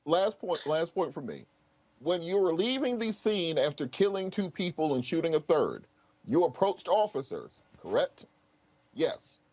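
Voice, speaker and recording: A man's voice: a little high, big pitch swings, a little slow, a little mellow. A man on a discussion panel, mock cross-examining with short punchy questions. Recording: dull lo-fi remote audio.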